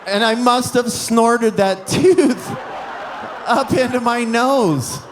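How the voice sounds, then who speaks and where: A man telling a true comic story live on stage, animated and acting out the scenes. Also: very high voice, slow, background noise.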